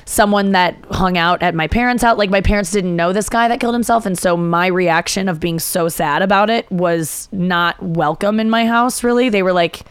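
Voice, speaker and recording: A young woman chats as a podcast guest, telling a candid story and voicing the people she quotes. Her voice is smooth and clear at a middle pitch. The room sound is dry and close. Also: normal speed, hardly any pauses, dry recording. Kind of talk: casual podcast chat. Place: indoor studio room.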